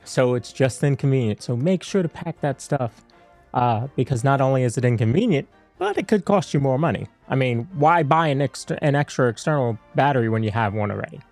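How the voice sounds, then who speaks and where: Man, podcast co-host, casual chat, easygoing, laughs often, mid pitch, faint background music. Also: expressive, a little fast, a little mellow. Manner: easygoing, laughs often, walks through a topic list.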